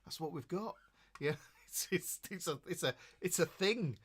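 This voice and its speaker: A man's voice: on the high side, lively intonation, normal speed, a bit bright, husky. A middle-aged man with a Yorkshire accent, hosting a casual guitar livestream and chatting in a jokey, rambling way. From Yorkshire, England. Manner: jokey, chatty and rambling, greeting viewers by name.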